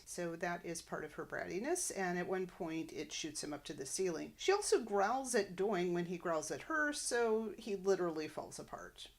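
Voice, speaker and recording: A woman in her fifties recapping a cartoon episode with wry, dry asides. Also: mid-range voice. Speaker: TV reviewer. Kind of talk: spoken episode recap and review.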